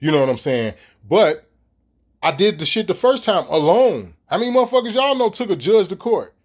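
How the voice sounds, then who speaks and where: Casting: middle-aged man, high-pitched voice, profane and animated vlog rant to the audience. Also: normal speed. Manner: profane, animated, street slang, talks straight to viewers. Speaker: vlogger. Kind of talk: casual ranting monologue to camera.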